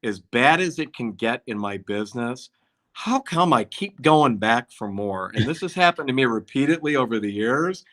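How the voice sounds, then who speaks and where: A man's voice: medium pitch, moderate pace. A man, a concert promoter, telling anecdotes in a casual podcast chat and acting out what others said. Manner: animated anecdote-telling, acts out quotes.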